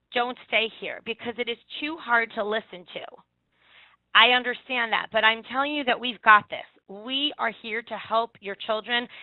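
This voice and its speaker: Female education speaker, somewhat high voice, direct and reassuring, repeats key points, tinny dry recording. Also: dry recording. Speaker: early childhood education speaker. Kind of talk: presentation on separation anxiety.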